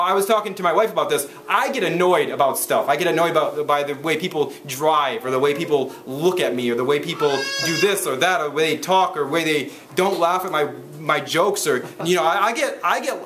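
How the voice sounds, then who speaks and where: A man's voice: sits high, fairly bright tone. A man preaching a sermon as pastor, reading scripture and explaining it, often restarting his sentences with fillers. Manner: halting, many restarts and fillers. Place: church. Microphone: handheld camera recording.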